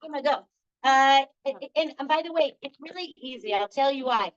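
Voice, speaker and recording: A middle-aged woman leads a live group workshop, telling stories chattily and filling her speech with fillers. Her voice is high with lively intonation at a normal speed. The recording is dull and lo-fi.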